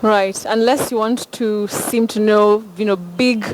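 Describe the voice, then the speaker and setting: A woman presenter, briskly putting word questions to a guest and spelling words out. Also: medium pitch, fairly even intonation, a little hiss or hum, poor audio. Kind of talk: on-air interview segment.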